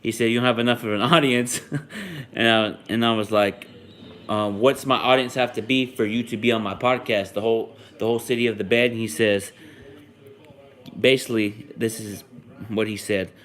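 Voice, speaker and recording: A man's voice: lowish voice, steady tone, moderate pace, a bit bright. A young man hosting a sports podcast, chatting casually and rambling with frequent ums and restarts. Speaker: podcast host.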